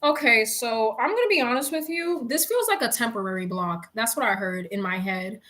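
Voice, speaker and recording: A woman's voice: on the high side, lively intonation, fairly quick, a bit bright. A young woman giving a casual, chatty tarot reading, swearing freely and talking to viewers like friends. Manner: chatty, profane, laughs a lot. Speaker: tarot reader.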